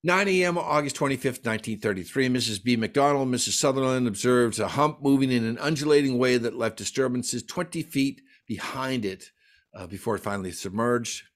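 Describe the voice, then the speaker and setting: Enthusiastic man reading off sighting reports. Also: mid-range voice. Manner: enthusiastic, reads dates and sighting reports in quick lists. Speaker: folklorist giving a library talk. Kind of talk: lecture presentation.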